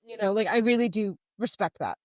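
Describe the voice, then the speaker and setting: A woman co-hosting a podcast, retelling scenes from a book in animated casual chat, acting out characters' lines. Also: medium pitch, fairly quick, no echo, low-quality recording. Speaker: podcast co-host.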